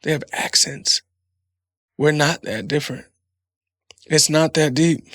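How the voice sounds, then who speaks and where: A man's voice: fairly high pitch, fairly even intonation, measured pace, a bit bright, no echo. A man in his thirties hosting a casual solo podcast, rambling and swearing freely with frequent laughs. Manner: profane, laughing, rambling storyteller. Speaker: podcast host.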